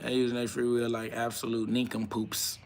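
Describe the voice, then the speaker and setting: A man's voice: mid-range voice, monotone, normal speed. A man hosting a live stream, ranting combatively and profanely while answering chat comments.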